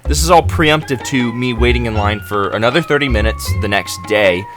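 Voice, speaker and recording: A man's voice: medium pitch, brisk, over music. A young man telling a story in an exasperated, dramatic and sarcastic rant. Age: young adult. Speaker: college student vlogger. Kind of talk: ranting storytelling vlog.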